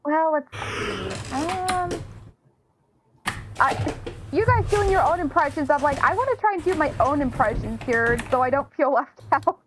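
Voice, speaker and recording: A woman's voice: high voice, very animated, unhurried, long pauses, background noise. A young adult woman, a freelance voice actress, chatting animatedly on a voice call. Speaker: freelance voice actress, stream host. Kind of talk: casual voice chat.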